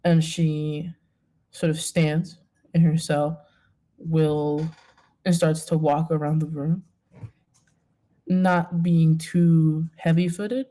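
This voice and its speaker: A woman narrating a tabletop game as game master, hesitant, with many pauses and fillers. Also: sits low, flat delivery, warm tone.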